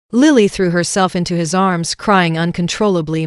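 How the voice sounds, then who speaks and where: A woman narrating a first-person drama story in a calm, even way. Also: mid-range voice, normal speed, few pauses, no echo, clean studio sound.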